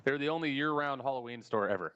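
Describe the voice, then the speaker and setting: Profane, animated man telling stories. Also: medium pitch, fast, smooth, lo-fi sound. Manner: profane, animated storyteller who acts out quoted people. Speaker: podcast host. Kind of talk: casual storytelling chat.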